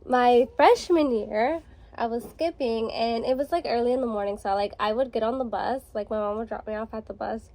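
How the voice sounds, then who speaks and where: Getting ready on camera, this young woman vlogger chats her way through a meandering story, leaning heavily on "like" and other fillers. She's on the high side, speaks at normal speed, and has a darkish tone.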